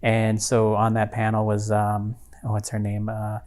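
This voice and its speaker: Low, flat-voiced man telling a story. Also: a little slow, a little hiss or hum. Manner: rambling storyteller with many fillers and restarts. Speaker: podcast co-host. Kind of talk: casual chat.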